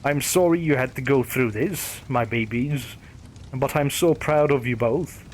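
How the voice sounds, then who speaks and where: Tender mother from the afterlife, voiced by a man, soft, gentle, faint noise. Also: medium pitch, a little slow, natural voice. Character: loving mother speaking from the afterlife.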